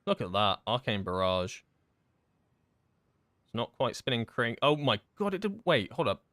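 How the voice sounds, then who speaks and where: Male game streamer, chatty and rambling, mid-pitched, dry booth-close sound. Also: big pitch swings, fairly bright tone, no room sound. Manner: rambling and chatty, with many fillers and quick laughs. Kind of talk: casual live-stream chat while gaming.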